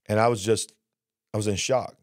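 A middle-aged man giving an earnest personal testimony about his past, retelling it slowly and with feeling. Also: on the low side, fairly even intonation, dry recording, clean studio sound. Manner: earnest, drawn-out emotional retelling. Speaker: speaker sharing his life story.

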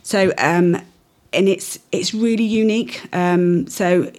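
A woman being interviewed as town mayor, talking casually with many pauses and restarts. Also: fairly low pitch, darkish tone, a little hiss or hum. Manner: hesitant, many ums and restarts.

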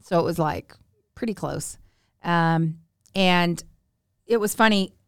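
A woman's voice: lowish voice, slow, clean tone, dry recording, studio quality. A woman in her forties telling family stories in a casual chat, acting out the people she quotes with big jumps in her voice. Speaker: podcast guest. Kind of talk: casual storytelling.

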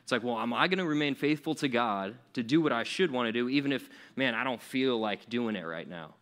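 A man's voice: medium pitch, expressive, brisk, a bit bright. A young man giving a casual, conversational sermon to teenagers as a youth pastor, acting out grumbling quotes with fillers and restarts. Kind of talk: sermon to teens.

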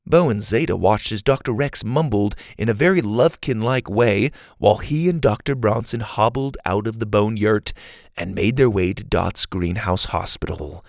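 A man's voice: on the low side, normal speed, gravelly, no room sound. Man reading a children's story aloud.

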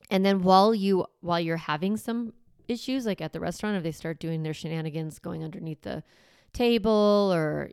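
A woman in her thirties talks through parenting tips in a relaxed, conversational way, slipping into what a parent would say to a child. Her voice sits a bit low with a gravelly edge yet stays smooth. The recording is dry and close. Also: no echo. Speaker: parenting coach. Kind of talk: casual advice talk.

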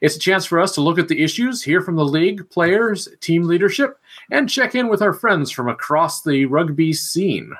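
Male podcast host from Missouri, a bit high-voiced, genial and self-mocking. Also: expressive, normal speed, a bit bright, breathy edge. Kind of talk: casual podcast chat.

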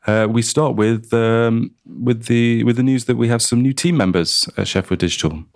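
A man hosting a podcast, relaxed with stumbling restarts. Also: medium pitch, normal speed, gravelly, dry recording, clean studio sound. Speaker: podcast host, content manager.

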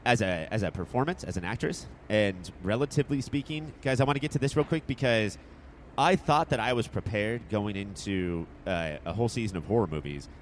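A man's voice: fairly low pitch, animated, a little fast. A man riffs through a casual movie review chat, cracking jokes and swearing as he goes. He stumbles over restarts and keeps the talk loose. A faint hiss sits under his voice. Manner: jokey, swears freely, many restarts. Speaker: podcast co-host.

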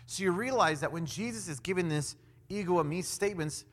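A man preaching a sermon in an animated way, acting out quoted voices with big swings in loudness. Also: high voice, brisk. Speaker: pastor. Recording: long hall reverb.

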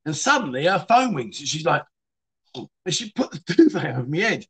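With a fairly high, sing-song voice that's a bit bright and slightly rough, this man talks fairly quickly. He's the host of a casual livestream chat show, cheekily reading out stories from viewers, adding his own, and laughing as he goes.

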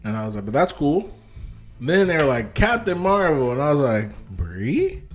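A man in casual podcast chat, telling a movie story in an excitable, animated way with swearing. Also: mid-range voice, fairly quick, faint music behind. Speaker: podcast co-host.

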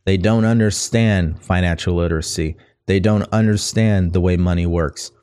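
A man hosting a motivational podcast, reading from a book and repeating key lines slowly for his listeners. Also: low voice, darkish tone, smooth, no echo, studio quality. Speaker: podcast host.

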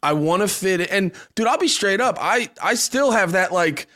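A man's voice: sits high, lively intonation, moderate pace, bright, forceful tone. A man hosting a podcast, chatting casually and swearing freely, laughing often while he tells stories. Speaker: podcast host. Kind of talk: casual political chat.

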